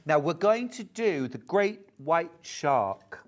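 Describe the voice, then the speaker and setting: A woman's voice: fairly low pitch, big pitch swings, slow. A woman presenting a live TV shopping show, enthusiastically pushing limited stock and counting down what's left. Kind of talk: live TV shopping sales chat.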